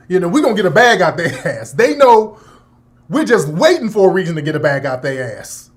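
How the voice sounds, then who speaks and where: A man's voice: high voice, brisk. A man hosting a talk radio show, delivering a profane, opinionated monologue with laughter and mocking asides. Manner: profane, animated, laughing, with mocking put-on voices.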